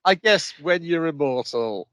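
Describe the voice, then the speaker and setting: A man's voice: on the high side, expressive, measured pace, fairly bright tone, no echo. Chill guy cohosting a podcast, dry close sound, reads out the episode blurb. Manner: laid-back, reads episode summaries aloud. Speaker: podcast co-host. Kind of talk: casual chat.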